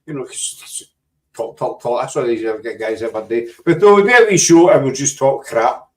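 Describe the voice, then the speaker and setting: A Scottish man hosts a casual live panel chat, rambling, joking and teasing his guests. His voice is medium-pitched at a normal speed, recorded far from the mic with a little hiss or hum.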